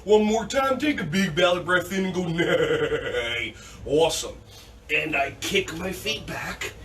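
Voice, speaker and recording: Playful high-voiced man teaching kids' yoga. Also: pushed and bright. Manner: playful, upbeat instruction with silly animal sounds. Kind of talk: guided children's yoga class. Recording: distant mic, faint background noise.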